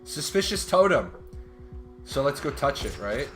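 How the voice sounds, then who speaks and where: A man's voice: mid-range voice, very animated, a little slow. A man from the United States streaming a video game, rambling casually with frequent swearing and laughter. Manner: rambling, profane, laughs often. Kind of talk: casual gameplay commentary. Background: game music and keyboard typing.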